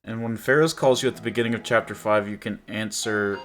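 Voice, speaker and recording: Over faint background music, a young man at his home streaming setup plays a visual novel, reading game messages aloud and chuckling often as he comments live. His voice is lowish and fairly bright, a little fast, with fairly even intonation, picked up by a desk mic.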